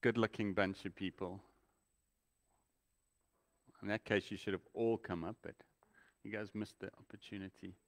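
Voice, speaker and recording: A man's voice: lowish voice, steady tone, normal speed, pauses often. A man, a pastor giving casual, welcoming church announcements and restarting his sentences often. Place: church sanctuary. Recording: long reverb in a large hall.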